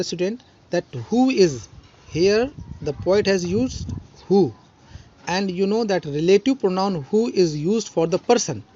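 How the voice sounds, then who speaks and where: A man with an Indian English accent, a school teacher slowly explaining a poem line by line with many fillers and restarts. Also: high-pitched, darkish tone, muffled recording. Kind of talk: recorded online poetry lesson.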